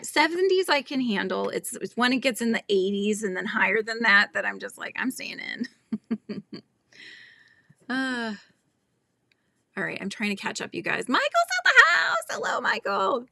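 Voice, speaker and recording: A chatty woman with a Californian accent hosts a relaxed livestream, reading comments and laughing as she goes. Her voice is bright and a little gravelly, and she often trails off mid-sentence. The sound is dry and close. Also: mid-range voice, moderate pace, no echo. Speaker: crochet livestream host. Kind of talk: casual chat reading viewer comments.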